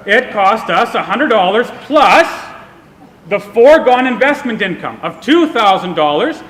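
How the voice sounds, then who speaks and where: A man's voice: high voice, sing-song, unhurried, a bit bright. A man giving a public speech at a political event, explaining an idea through a self-deprecating personal story. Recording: long reverb of a hall.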